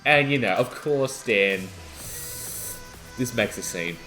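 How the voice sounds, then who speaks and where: A young adult man, co-hosting a podcast and telling a wild story in excitable casual chat. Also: mid-range voice, slow, faint music behind. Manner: animated, excitable storytelling, yelling out quoted lines. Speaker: podcast co-host.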